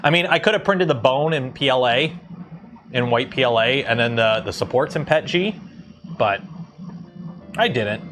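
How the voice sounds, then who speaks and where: A man from Canada hosts a casual livestream, chatting loosely with viewers in a mid-pitched voice. He rambles, filling pauses with ums and correcting himself mid-sentence. Faint music plays behind him. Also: expressive. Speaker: livestream host.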